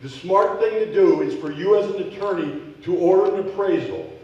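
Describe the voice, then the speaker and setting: A man's voice: sits high, a little fast, lo-fi sound. A man speaking off the cuff during public comment at a city council meeting, emotional and indignant. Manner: off-the-cuff, heated, grows loud and indignant. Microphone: podium microphone. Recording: echoey council chamber from far off.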